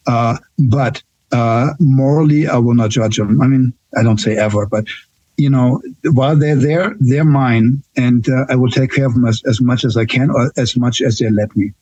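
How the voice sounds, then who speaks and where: The recording is muffled, and the voice is a mellow, medium-pitched one at normal speed. It belongs to a man in his sixties with a German accent, a nurse guest in a relaxed interview who shares frank stories, frequently tagging them with "right?".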